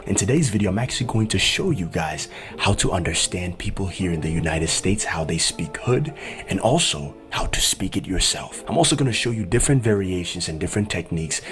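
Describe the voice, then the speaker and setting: A man with a fairly low voice explains a lesson step by step, in a methodical, instructive manner. Clear background music plays under his voice throughout. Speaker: online language instructor.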